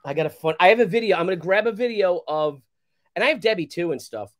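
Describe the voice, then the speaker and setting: A man in his fifties, a guest on a casual live talk show, telling animated stories and laughing easily. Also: sits high, quick pace. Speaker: guest comic creator.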